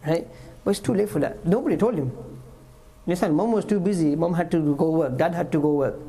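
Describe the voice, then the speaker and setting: A man's voice: on the high side, a little fast, mellow, rough recording. A man giving a mosque talk, retelling stories and repeating points for emphasis. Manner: storytelling, acts out quotes, emphatic repetition. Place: mosque hall.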